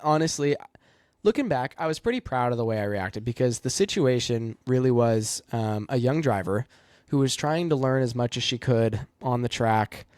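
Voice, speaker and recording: A man's voice: mid-range voice, animated, normal speed, a little mellow, no echo, studio quality. A young man, a race car driver, telling a personal story in a casual, reflective way with lots of fillers. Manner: reflective, rambling with many fillers.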